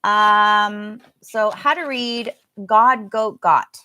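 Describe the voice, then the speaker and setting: A woman's voice: medium pitch, very slow, sharp tone, no room sound. A woman with an American accent teaching a live online pronunciation class, chatting and laughing as she answers viewer comments. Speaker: English teacher.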